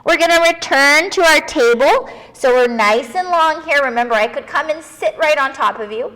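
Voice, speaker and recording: A woman leading a children's yoga class, gentle and playful, encouraging the kids and making animal noises. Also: high voice, moderate pace, in a large hall.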